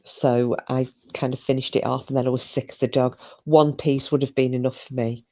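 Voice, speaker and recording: A woman's voice: extremely low pitch, flat delivery, brisk, mellow. A woman hosting a live stream, chatting casually, gossipy and sweary, reading out comments.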